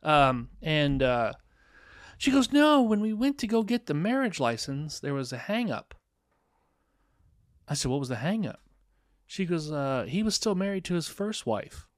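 A man's voice: on the high side, sing-song, moderate pace, dry recording, clean studio sound. A man co-hosting a podcast, telling a dating story casually and acting out both sides of the dialogue, with some swearing. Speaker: podcast co-host.

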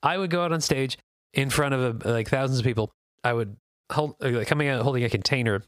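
A man's voice: medium pitch, fast, no room sound, studio quality. A man co-hosting a podcast, joking playfully in casual chat. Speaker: podcast co-host.

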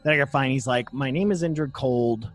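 A man's voice: mid-range voice, fairly quick, faint music behind. A man co-hosting a casual podcast, joking and reading quotes aloud from sources. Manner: jokey, reads quotes aloud. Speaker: podcast co-host. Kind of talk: casual chat.

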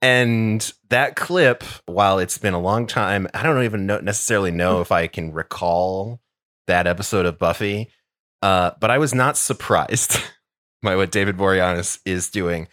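A man co-hosting a podcast, making measured points in casual chat with quiet laughs. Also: low-pitched, dry recording, clean studio sound. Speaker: podcast co-host.

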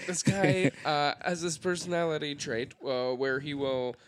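Higher-voiced man rambling through an anecdote. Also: a little slow, slight background noise. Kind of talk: casual chat.

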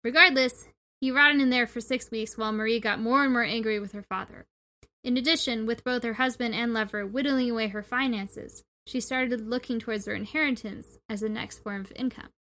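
A woman's voice: on the high side, steady tone, fairly quick, pushed and bright. Chatty woman telling a history story. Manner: chatty, reads notes with asides. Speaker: podcast host.

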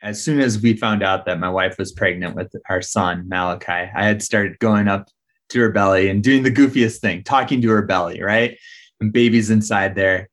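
Lower-pitched dad telling a heartfelt story. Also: male voice, moderate pace, fairly bright tone. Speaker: father telling a family story. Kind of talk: personal storytelling.

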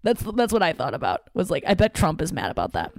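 Low-voiced woman rambling candidly. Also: huge pitch swings, fast talker, gravelly, darkish tone, dry recording. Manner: rambling, candid, swears freely, many restarts. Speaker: podcast host. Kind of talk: casual solo monologue.

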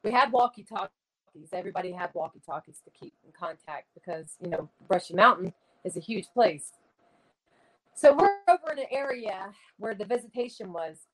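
A woman's voice: mid-range voice, animated, moderate pace, low-quality recording. A middle-aged woman, a medium telling a ghost-hunting story in casual conversation. She talks earnestly and dramatically, with many "you know" fillers.

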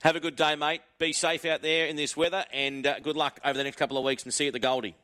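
A man's voice: fairly high pitch, level tone, fast, pushed and bright. A man with an Australian accent hosting a racing radio show, chatty and matey in a casual interview. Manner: matey and chatty, says "mate" often.

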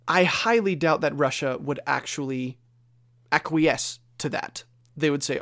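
A man's voice: fairly high pitch, normal speed. A man hosting a solo news podcast, talking with impassioned ranting and pointed rhetorical questions. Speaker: podcast host.

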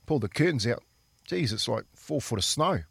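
A man's voice: medium pitch, lively intonation, brisk, vocal fry, husky, no room sound. A New Zealand man, a former rugby league player, telling chatty stories on the radio and calling people "mate". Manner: chatty, laughing, says "mate" often. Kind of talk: casual storytelling on radio.

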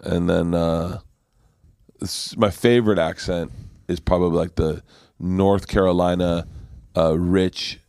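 A man's voice: measured pace, no room sound, studio quality. A comedian man chatting casually on a podcast as the guest, telling stories and jumping into comic impressions. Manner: animated storyteller, bursts into high comic impressions.

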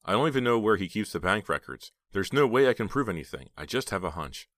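A man's voice: on the low side, sing-song, fast, fairly bright tone, no echo, clean studio sound. A man voicing a resentful teenage girl working as a waitress, glum and complaining.

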